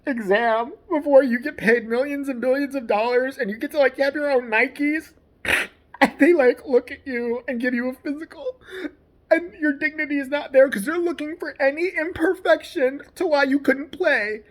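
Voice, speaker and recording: A woman's voice: high voice, normal speed, voice pushed up, lightly acted. A woman putting on a whiny, self-pitying grown man in a sarcastic, mocking impression.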